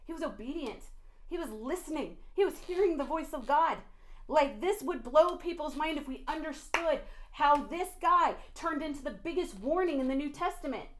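A young woman with a high voice preaches a fiery sermon. She drops into low, intense scolding, then breaks into loud, laughing outbursts. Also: lively intonation, normal speed. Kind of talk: impassioned sermon.

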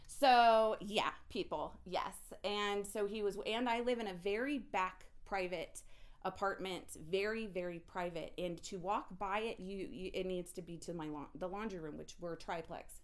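A woman telling an emotional personal story in an intense, animated way, often restarting her sentences. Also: mid-range voice, normal speed.

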